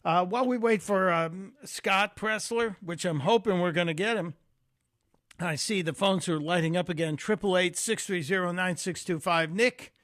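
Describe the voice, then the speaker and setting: A man's voice: high voice, normal speed, fairly bright tone, no echo, studio quality. A man guest-hosting a radio call-in show, talking in a conversational, folksy way with frequent fillers. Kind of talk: talk radio monologue and call-in.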